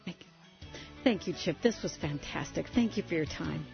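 Female radio host, lowish voice, slightly muffled, faint music underneath. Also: lively intonation, normal speed, vocal fry. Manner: warm affirmations, prayerful. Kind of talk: interview hosting and closing prayer.

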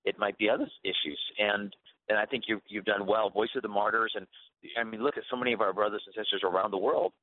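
Brief: male radio guest, somewhat low voice, earnest preaching tone, narrow phone-like sound. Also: steady tone, quick pace, dry recording. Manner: earnest, preachy, repeats words as he restarts. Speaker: guest author on Christian faith. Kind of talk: radio talk show interview.

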